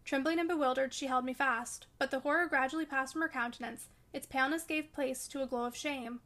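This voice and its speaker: High-voiced woman narrating a novel. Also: fairly even intonation, a little fast, a bit bright. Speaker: audiobook reader. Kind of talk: audiobook narration of a classic novel.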